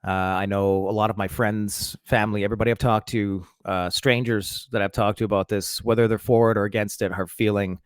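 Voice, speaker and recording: A man's voice: lowish voice, flat delivery, fairly quick, few pauses, clear, resonant tone, no echo, studio quality. A man rambling to his viewers in a casual monologue, swearing, stumbling over restarts and fillers, and mocking himself as he goes. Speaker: vlogger.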